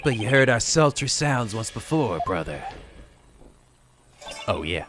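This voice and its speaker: A man's voice: on the low side, very animated, background noise, voice pushed down. A man drawling as a stoner hippie monk. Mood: mellow. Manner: slow stoner drawl, groovy slang. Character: laid-back hippie male monk musician. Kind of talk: video game voice-over reading.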